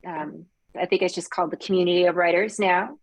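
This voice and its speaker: A woman talks casually on a video call, her voice a touch low and dry. She keeps a chatty, conversational flow, often saying "like". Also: steady tone, quick pace, no room sound. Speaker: memoir author guest.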